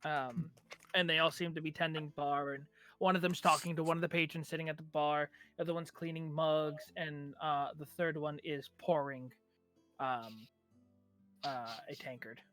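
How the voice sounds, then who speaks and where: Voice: mid-range voice, fairly even intonation, moderate pace, a bit bright, faint music behind. Rambling game master narrating a tavern. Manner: rambling, filler-heavy narration.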